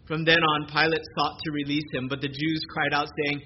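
A man preaching a sermon at a church service, reading scripture in a measured way and slowing down for emphasis. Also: fairly high pitch, flat delivery. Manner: measured preaching, slows for emphasis, occasional fillers. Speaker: pastor. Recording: dull lo-fi recording with noise.

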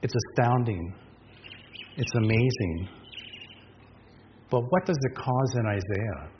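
Speaking slowly in a medium-pitched voice, this pastor delivers an earnest, emphatic sermon full of rhetorical questions for his congregation. Long reverb, faint noise, and a dull lo-fi quality mark the recording.

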